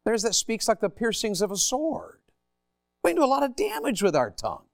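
Lively preacher man. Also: high-pitched, brisk, vocal fry, no room sound, studio quality. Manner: calls on the audience, folksy and teasing. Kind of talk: interactive sermon. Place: church hall.

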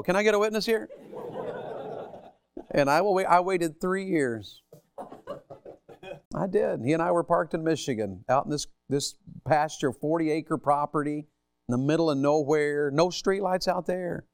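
A man's voice: fairly high pitch, normal speed, long pauses, clear, resonant tone, dry recording. A man preaching a sermon, telling folksy stories and asking the congregation rhetorical questions.

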